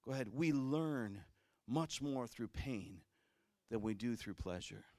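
A man preaching a sermon as pastor, swinging from loud fervent passages to quiet conversational ones. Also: medium pitch, lively intonation, unhurried, no room sound.

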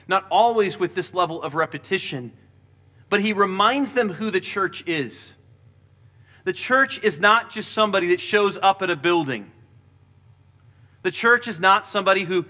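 A man preaching a sermon as pastor, earnest, with quieter stretches when he reads scripture. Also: sits high.

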